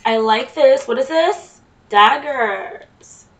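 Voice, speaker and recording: Sitting high in pitch with a fairly bright tone, a woman takes her time as she mutters and reacts to herself while playing a video game. It's casual let's play commentary recorded on a distant mic with faint noise, and the highs are cut off.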